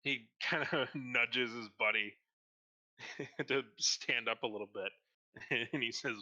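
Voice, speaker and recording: A man narrating as dungeon master, relaxed and hesitant, with many fillers. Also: medium pitch, slow, pauses often. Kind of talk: narrating a tabletop game. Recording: dull lo-fi mic.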